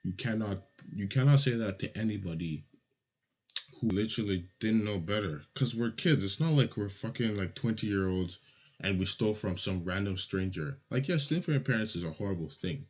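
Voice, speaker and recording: A young man from Nigeria telling a childhood story in a casual, animated, profane way. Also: lowish voice, normal speed. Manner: animated, swears a lot, acts out voices. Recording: lo-fi audio.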